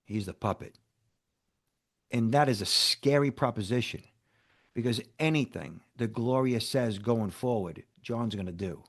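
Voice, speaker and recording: This interview guest, a man who works in cybersecurity, recounts a story animatedly at a slightly slow pace and medium pitch. He plays out conversations in character and sprinkles in "okay?" and "right?" as check-ins.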